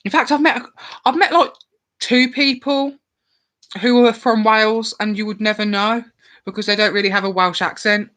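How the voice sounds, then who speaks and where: A man's voice: sits high, fairly even intonation, moderate pace, bright, forceful tone, poor audio. A man in his twenties from the Worcestershire area with a light Birmingham accent, chatting casually to camera, opinionated and swearing freely. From England, Worcestershire area. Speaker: channel host.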